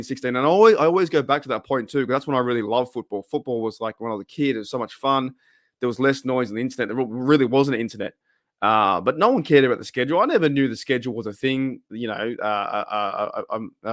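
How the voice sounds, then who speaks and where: A man's voice: mid-range voice, dry recording, clean studio sound. A young Australian man hosting a fan channel, chatting casually with lots of restarts and fillers. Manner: rambling, many restarts and fillers. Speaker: host of a football fan channel. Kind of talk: casual chat.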